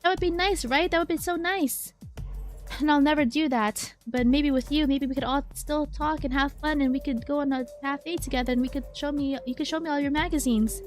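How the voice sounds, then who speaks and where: A woman's voice: high-pitched, fairly quick, faint music behind, lightly acted. A woman voicing a lonely, desperate young man who pleads and begs over and over while reading game dialogue aloud. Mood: pleading. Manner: pleading, repetitive, breathless begging.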